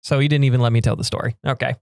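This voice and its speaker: A young man co-hosting a podcast, telling a story in a relaxed, wry way. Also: mid-range voice, very fast, vocal fry, no room sound, clean studio sound. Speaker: podcast co-host. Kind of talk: casual storytelling chat.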